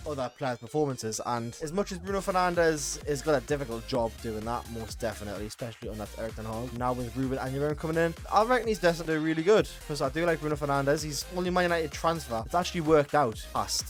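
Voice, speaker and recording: Passionate northern English football vlogger. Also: male voice, on the high side, quick pace, hardly any pauses, faint music behind. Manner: passionate, swears, pleads with players. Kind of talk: casual opinion monologue.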